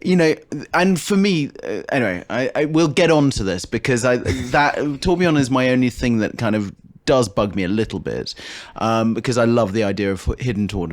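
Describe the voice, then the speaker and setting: A man's voice: mid-range voice, animated, normal speed. A man co-hosting a casual podcast chat, rambling and often restarting his sentences. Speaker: podcast co-host.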